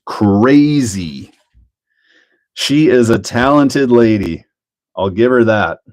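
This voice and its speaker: A man hosts a relaxed hobby livestream and talks through a model car build. He is chatty and laughs a lot, and he greets viewers by name in an ordinary mid-range voice. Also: mid-range voice, slow. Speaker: livestream host. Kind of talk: casual live chat while building a model.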